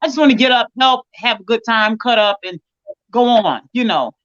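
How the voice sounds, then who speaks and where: A woman talks as a livestream guest, animated and expressive, with a high voice. Her sound comes through dull and lo-fi. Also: normal speed. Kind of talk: casual livestream chat.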